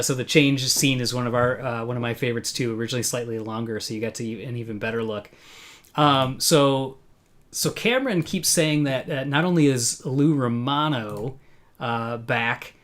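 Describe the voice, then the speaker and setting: A man's voice: mid-range voice, normal speed, a bit bright. Enthusiastic man hosting a film chat. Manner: enthusiastic, many fillers and restarts. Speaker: podcast host. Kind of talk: casual live film review chat. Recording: live online video call.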